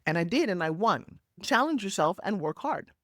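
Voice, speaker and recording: A woman in her sixties talks as a podcast guest over a video call, energetic and emphatic, her voice leaping up and down as she tells her story. Her pitch sits in a middling range. The sound is dry and close, with no room around it. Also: moderate pace, no echo. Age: 60s. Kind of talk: animated interview storytelling. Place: home office, Florida.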